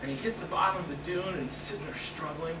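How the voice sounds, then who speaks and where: A male stand-up comedian telling a long story in an animated way. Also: fairly high pitch, fast. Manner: animated, building excitement. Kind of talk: comic storytelling. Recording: roomy stage sound, distant mic, noisy.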